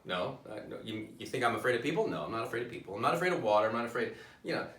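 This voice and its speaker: A man's voice: medium pitch, lively intonation, fairly bright tone, echoey room, far from the mic. Self-deprecating male stand-up comic. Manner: self-deprecating, halting with many restarts. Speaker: stand-up comedian. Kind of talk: stand-up comedy set.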